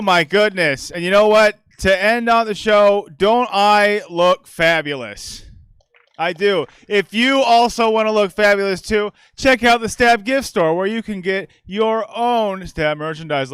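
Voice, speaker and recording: A man's voice: high-pitched, normal speed, fairly bright tone, clean tone, no echo. A man hosting a comedy show on stage, wrapping up with campy, playful remarks. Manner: campy, playful self-praise. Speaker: show host.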